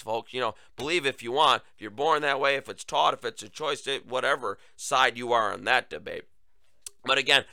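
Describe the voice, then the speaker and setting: A man's voice: mid-range voice, creaky, sharp tone, no echo. A man hosting a solo political talk show, sarcastic and mocking, speaking to his listeners with a lingering cough. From United States. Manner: sarcastic, mocking, conversational asides to "folks". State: recurring cough. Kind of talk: solo opinion commentary.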